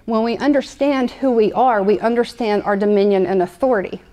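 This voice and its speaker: A woman with a fairly high, dark-toned voice preaches briskly to a live congregation. Her style is conversational and playful, with frequent repetition of her points and lighthearted asides.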